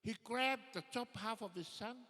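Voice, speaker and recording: A man with a high, bright, ringing voice performs stand-up comedy into a stage microphone. He tells his stories with animated timing and pushes up to loud punchlines. Long theatre reverb trails behind every phrase. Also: normal speed. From Samoan family. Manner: animated, builds to shouted punchlines.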